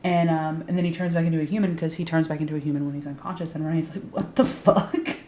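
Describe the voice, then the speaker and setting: A woman's voice: deep voice, flat delivery, very fast, warm tone, echoey room, a little hiss or hum. A woman giving a casual, sarcastic recap of a TV show, swearing freely and saying "like" a lot. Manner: sarcastic, profane, frequent "like" fillers. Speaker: YouTube recap host.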